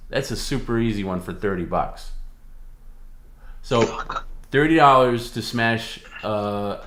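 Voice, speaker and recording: A man's voice: mid-range voice, slow pace, pauses often, reverberant, background noise. Coaxing man reading viewer offers. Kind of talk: live stream banter.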